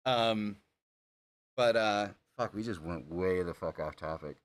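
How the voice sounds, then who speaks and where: American guy, really low voice, easygoing podcast host, swears a lot, laughs easy. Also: measured pace. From United States. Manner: laid-back, swears freely, laughs often. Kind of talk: casual chat.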